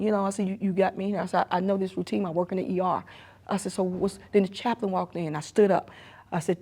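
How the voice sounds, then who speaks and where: A middle-aged woman, an emergency room nurse and mother, giving a halting, repetitive personal testimony that often sinks to a hushed near-whisper. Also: mid-range voice, breathy edge. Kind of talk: personal testimony in a documentary interview.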